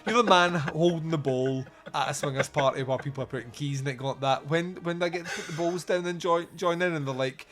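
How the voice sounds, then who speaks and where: A man's voice: on the high side, very animated, brisk, few pauses, fairly bright tone. A Scottish man hosting a podcast in loose, jokey chat, rambling and laughing often. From Scotland. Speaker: podcast host.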